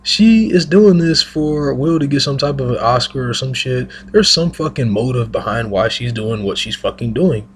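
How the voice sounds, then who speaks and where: A man's voice: medium pitch, animated, normal speed, few pauses, slight background noise. A man giving a heated, emphatic, profane monologue rant on his own channel, speaking into a single mic. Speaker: vlogger.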